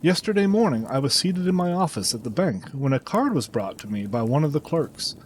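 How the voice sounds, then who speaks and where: Distraught middle-aged banker, formal and earnest, lively pitch, voiced by a male narrator. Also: fairly quick, a little hiss or hum, poor audio. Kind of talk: audiobook character reading.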